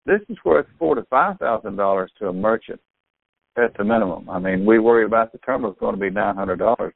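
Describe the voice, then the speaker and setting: Excitable older man on a phone line. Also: mid-range voice, vocal fry, dry recording. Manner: excitable storyteller, acts out quotes. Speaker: store owner and sales partner. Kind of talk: phone conversation.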